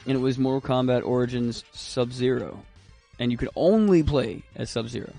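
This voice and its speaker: Gravelly-voiced rambling male streamer. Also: mid-range voice, normal speed, mellow, faint music behind. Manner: rambling, chatty, laughs often. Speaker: gaming streamer. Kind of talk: casual chat while playing.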